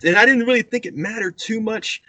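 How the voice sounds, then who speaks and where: A man's voice: sits high, fairly quick, dry recording. Dry-sounding man telling a story. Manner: animated storyteller, acts out quotes. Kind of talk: casual anecdote telling.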